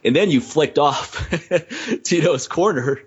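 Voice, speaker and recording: A man's voice: a little high, expressive, takes it slowly, husky. Laughing podcast host man, lo-fi. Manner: engaged, laughs along, recaps stories. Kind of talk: casual interview chat. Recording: dull lo-fi podcast audio.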